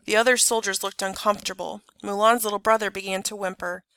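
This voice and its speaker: A woman reading a children's story aloud in an expressive, clear narrating voice. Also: mid-range voice, quick pace, no echo. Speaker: storybook reader. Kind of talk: scripted narration.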